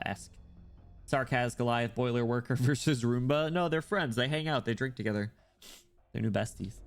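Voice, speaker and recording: A man live-streaming as he reads a game story, breaking off into excitable reactions, laughing and swearing freely. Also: medium pitch.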